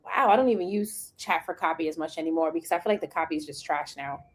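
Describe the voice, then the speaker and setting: A woman's voice: low-pitched, fast talker. A woman hosting a live stream, chatting casually and playfully, acting out the quotes she tells. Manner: animated, playful, acts out quotes. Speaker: host of a business live stream. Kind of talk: casual chat.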